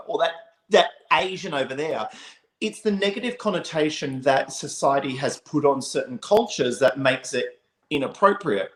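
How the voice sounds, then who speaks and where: Man, co-host, lively swinging pitch, swears a lot, roomy echo. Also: moderate pace. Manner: swears freely, animated and emphatic. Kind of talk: casual chat.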